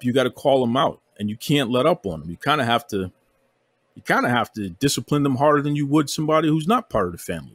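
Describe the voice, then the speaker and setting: A man's voice: mid-range voice, dry recording. A man hosting a wrestling podcast, ranting with heavy emphasis and calling people out by repeating himself. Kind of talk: heated podcast rant. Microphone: remote podcast recording.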